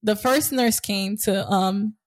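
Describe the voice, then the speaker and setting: A woman's voice: medium pitch, slow pace. A woman in her twenties chatting casually, telling stories and acting out the voices of people in them. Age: 20s. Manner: animated storyteller, acts out quotes. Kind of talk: casual chat.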